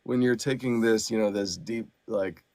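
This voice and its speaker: A man with a low voice full of gravelly fry talks in a relaxed interview. He explains things at length, stacking up fillers as he goes. The sound is dry and close, with no room to it. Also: moderate pace, no room sound. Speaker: audiobook narrator and actor. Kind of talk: casual interview chat.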